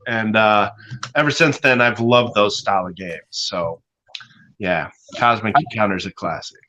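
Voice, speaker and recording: A man's voice: medium pitch, pushed and bright. A man co-hosting a casual chat, talking in an enthusiastic, joking manner. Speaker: podcast co-host.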